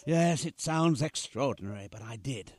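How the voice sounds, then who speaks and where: Guy doing a fond dad in a radio play, wry and warm, voice moves up and down a lot. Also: medium pitch, animated, moderate pace, close to an everyday voice. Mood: tender. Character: doting poor father, gently wry. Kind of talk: amateur radio play acting.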